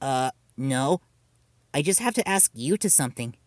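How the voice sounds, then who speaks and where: A man's voice: medium pitch, animated, normal speed, no echo, clean studio sound, close to an everyday voice. A man voicing a hot-tempered, two-faced teenage girl. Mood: sweet. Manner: snapping, shouting.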